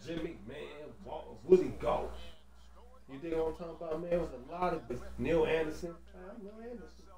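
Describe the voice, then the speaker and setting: A man giving loose, slangy, excitable commentary over a basketball video game, peppering his talk with casual fillers. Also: fairly high pitch, brisk, reverberant. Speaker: gaming commentator.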